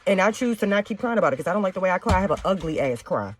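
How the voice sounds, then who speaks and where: Fast-talking blunt woman host. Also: on the low side, animated. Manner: blunt, heavy cursing, preachy. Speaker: talk show host. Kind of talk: casual monologue to viewers. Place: home with children nearby.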